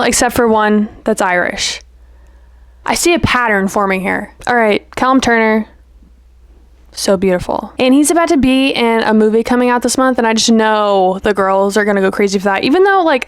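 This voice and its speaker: Young woman, casual vlog chat, gushing, playful, filler-heavy, slightly high voice, dry close sound. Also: brisk, clear, resonant tone, dry recording. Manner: gushing, playful, lots of "like" and "you know". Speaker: vlogger.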